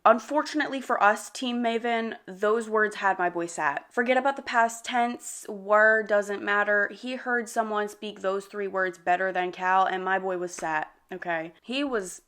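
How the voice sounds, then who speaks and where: A woman's voice: mid-range voice, unhurried, hardly any pauses. Young woman gushing thru a book recap, slangy and dramatic, jumping in with hot takes. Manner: animated slangy commentary with dramatic asides.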